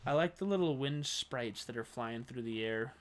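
A man's voice: medium pitch, normal speed, a little hiss or hum. A man co-hosting a let's play, complaining and teasing his partner in casual banter.

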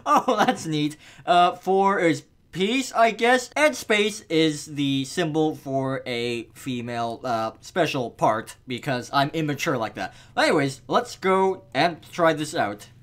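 A man commenting on a video game as he plays, crude and jokey, laughing often. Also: high voice. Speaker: gameplay commentator. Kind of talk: let's play commentary.

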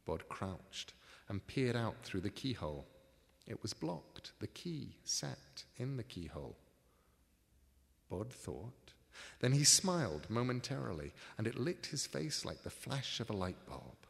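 A man reads his own book aloud at a live event, measured and expressive. His low voice moves in lively curves and carries the long echo of a large hall. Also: vocal fry. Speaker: author reading his book. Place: book signing tour venue. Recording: live reading in a reverberant hall.

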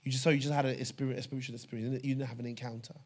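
A man preaching a sermon, telling a personal story with fervor, dropping to a hush and then rising loud. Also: medium pitch, flat delivery, rapid-fire. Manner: fervent storytelling, swings from hushed to loud. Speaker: pastor.

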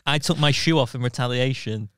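A man's voice: medium pitch, fairly quick, a bit bright, clean tone. A male comedian guest on a podcast, telling a rambling, giggly story from childhood. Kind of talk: casual storytelling.

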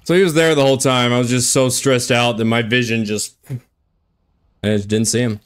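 A young man streaming a shooter game, commenting on his own play in an excitable, foul-mouthed way. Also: mid-range voice, brisk, clear, resonant tone. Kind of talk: live gameplay commentary.

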